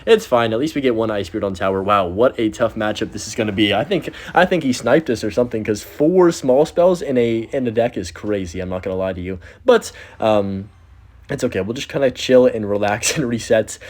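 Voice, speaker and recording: A young man giving excitable gameplay commentary while he plays, talking to himself and to viewers. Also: lowish voice, a little fast. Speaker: gaming video creator.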